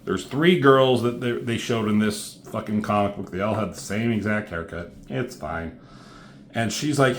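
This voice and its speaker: A man's voice: fairly low pitch, normal speed, slight background noise. A man talking casually through a comic book review, rambling and swearing, with plenty of fillers. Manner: rambling, profane, loose with fillers.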